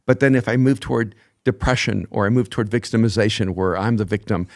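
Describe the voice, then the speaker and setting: Thoughtful older man, measured podcast guest. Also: on the low side, fairly even intonation, a little mellow. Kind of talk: reflective conversation.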